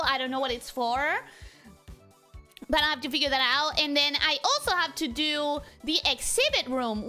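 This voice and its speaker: A woman streamer chatting casually with her viewers, bubbly and quick to laugh, rambling and self-deprecating as she greets everyone. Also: sits high, pushed and bright. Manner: bubbly, greets viewers in a repeated welcome routine. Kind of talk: casual livestream chat.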